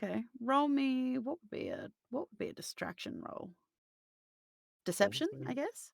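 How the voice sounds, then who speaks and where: A woman narrating a tabletop game as game master, playful and quick to laugh. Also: sits high, lively intonation, creaky, no echo, studio quality.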